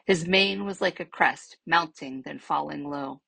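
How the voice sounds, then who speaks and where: Woman reading a children's novel aloud, husky, gravelly, low voice, dry close sound. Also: measured pace, fairly bright tone, no echo, rough recording. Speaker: library storyteller.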